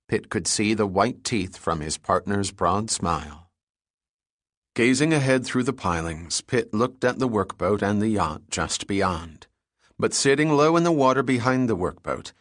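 A man with a low voice reads an audiobook in steady, measured narration. The sound is dry and close, with no room around it. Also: no room sound. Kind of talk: scripted narration.

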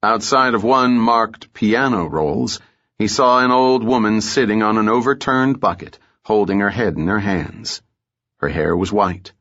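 Low-voiced male audiobook narrator. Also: unhurried, a bit bright. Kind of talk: scripted narration. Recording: muffled lo-fi audiobook.

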